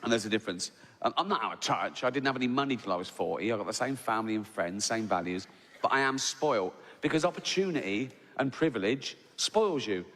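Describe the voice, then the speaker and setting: A man's voice: medium pitch, lively intonation, a little fast, a bit bright. A middle-aged man doing stand-up comedy, telling loose, profane, mocking stories and tagging lines with "right?". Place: large theatre stage. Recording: big hall reverb, faint crowd ambience.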